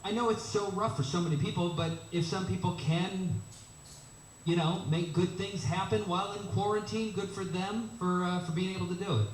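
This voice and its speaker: A man's voice: sits high, fairly even intonation, normal speed, reverberant, far from the mic, slight background noise, poor audio. A man co-hosting a morning radio show, chatty and friendly as he reads out listener texts. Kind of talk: casual morning radio banter. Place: radio studio.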